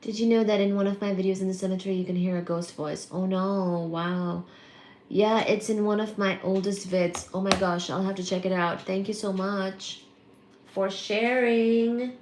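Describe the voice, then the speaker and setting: A woman hosting a casual live stream, chatting and greeting viewers by name with excited exclamations. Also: medium pitch, normal speed, roomy sound. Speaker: livestream host.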